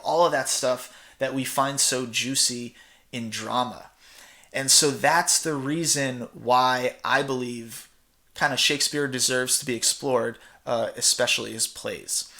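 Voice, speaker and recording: A man's voice: mid-range voice, bright, forceful tone. A man, a theatre teacher, giving a recorded slide lecture in a casual, chatty way with many fillers.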